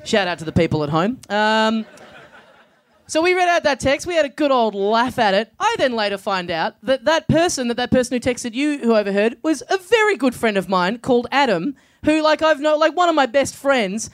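A man's voice: very high voice, big pitch swings, normal speed, dry recording. An Australian man co-hosting a live comedy podcast, joking around with a sweary, laughing manner. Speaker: podcast co-host.

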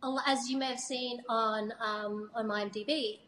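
A woman's voice: on the high side, fairly even intonation, moderate pace, fairly bright tone, reverberant, slight background noise, rough recording. A woman actor and mother talking casually about auditions, chatty with restarts. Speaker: actress and mother of a child actor. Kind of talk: casual podcast chat.

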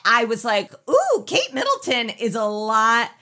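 Woman, podcast co-host, casual chat, bright, animated. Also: on the high side, a little slow. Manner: chatty, recapping a film.

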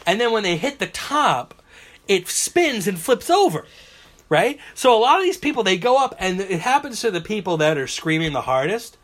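Recorded on a phone, a high-pitched man talking at a moderate pace hosts a casual podcast. He's a lively storyteller who performs people's reactions, screams and all.

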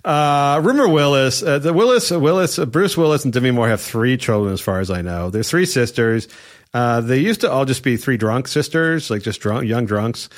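A man's voice: mid-range voice, lively intonation, normal speed. A man hosting a casual comedy podcast, crude and mocking, joking through the talk. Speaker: podcast host.

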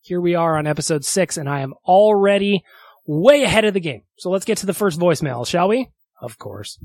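A man's voice: sits high, animated, a little fast, a little mellow, no room sound, clean studio sound. A man hosting a solo podcast, chatty and upbeat, laughing often. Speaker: podcast host. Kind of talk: casual solo podcast talk.

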